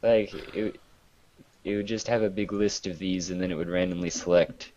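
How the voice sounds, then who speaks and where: A man's voice: deep voice, fairly even intonation, moderate pace, darkish tone. A man chatting casually on a livestream, rambling with lots of fillers. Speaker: livestream co-host. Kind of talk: casual chat. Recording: muffled lo-fi livestream audio.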